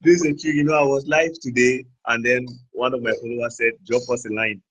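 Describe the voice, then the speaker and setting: A man's voice: mid-range voice, level tone, a little fast, fairly bright tone, slightly rough, no echo, rough recording. A man from Cameroon, a guest in a casual interview, talking in a hesitant, self-conscious way and laughing easily. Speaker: guest blogger.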